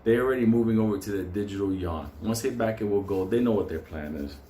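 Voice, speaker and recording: A man's voice: lowish voice, fast, dark tone. Profane fired-up man ranting, roomy sound. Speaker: stock market show host. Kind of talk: unscripted rant. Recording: roomy echo with faint noise.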